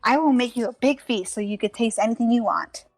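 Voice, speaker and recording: A woman's voice: a little high, fairly quick, no room sound, soft background music. A woman voicing an eager, cheerful young cook in a tabletop game, bubbly and caring.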